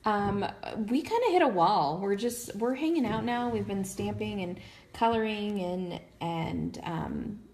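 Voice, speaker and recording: A woman with a Texan accent talks through a coloring tutorial in an easygoing livestream chat. She sounds worn out but laughs a lot, and her voice has a gravelly, fried edge at a middling pitch. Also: lively intonation, measured pace, a little mellow. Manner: chatty, laughs often. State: tired. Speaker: craft tutorial host.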